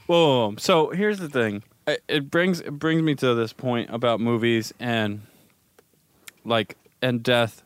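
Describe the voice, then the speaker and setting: A man's voice: mid-range voice, measured pace, smooth, no echo. A man co-hosting a podcast in casual chat, rambling and profane, joking as he goes. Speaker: podcast co-host.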